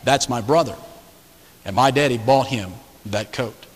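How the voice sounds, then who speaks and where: A man playing a small girl who defends her reformed father, in a story within his sermon, speaking softly, earnestly and with quiet firmness. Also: mid-range voice, measured pace, pitched below the performer's own voice, natural voice. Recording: echoey large hall.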